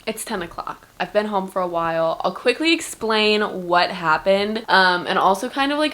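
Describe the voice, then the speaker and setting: A woman's voice: mid-range voice, fairly bright tone. A woman in her twenties chatting casually to camera in her bedroom while doing skincare and makeup. She fills her talk with lots of "like". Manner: chatty, filler-heavy, lots of "like". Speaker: vlogger. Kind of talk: casual vlog chat. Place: bedroom at home, indoors.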